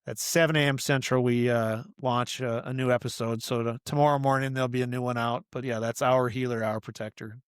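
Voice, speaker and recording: A middle-aged man speaks as a podcast guest in an earnest, meandering way, filling his thoughts with "you know" and "like." His voice is smooth and resonant. The recording is dry and close, with no room echo. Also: mid-range voice, fairly even intonation, fairly quick, few pauses. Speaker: podcast guest, author and coach. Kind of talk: casual interview conversation.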